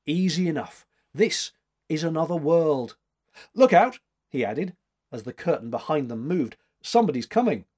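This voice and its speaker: A careless, charming young idler in a storybook reading, with a brisk, offhand delivery close to the narrator's own voice. His tone is slightly husky, as a man plays him. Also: a little high, animated, darkish tone, voice pushed up.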